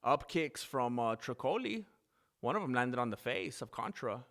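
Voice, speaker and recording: A man chats through a live fight stream in casual commentary, rambling and quick to get excited. His voice sits at an ordinary middle pitch. He talks like he is hanging out with his viewers. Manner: chatty, rambling, easily excited.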